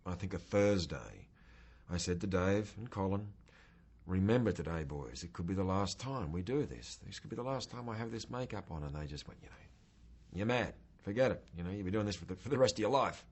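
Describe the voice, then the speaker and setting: Low-voiced male actor, halting interview memory, keeps circling back. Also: expressive, husky. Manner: halting, circling back over his words. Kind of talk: interview recollection.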